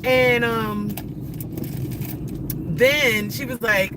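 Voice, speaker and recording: A woman's voice: a little high, a little slow, background noise. A woman live-streaming casual chat, telling stories to viewers in a loose, profane way from inside a car. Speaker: livestream host.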